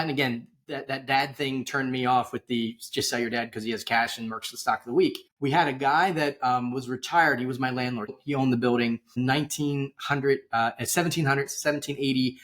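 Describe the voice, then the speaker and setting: A middle-aged man speaking as a guest on a video call, spinning loose stories full of asides and tangents. His voice sits at an ordinary mid pitch. He talks casually, like he's chatting with a friend. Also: fairly bright tone. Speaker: guest, wealth manager. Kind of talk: casual storytelling interview.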